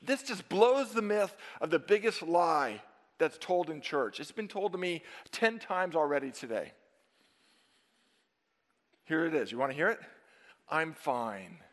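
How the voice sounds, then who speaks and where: A man preaching a sermon to his congregation, emphatic and dynamic, swinging from loud stresses down to hushed asides. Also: fairly high pitch, sing-song, a little slow, long pauses. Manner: emphatic, dynamic preaching with sudden drops to near-whisper. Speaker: pastor. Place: church sanctuary. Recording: long reverb of a church sanctuary.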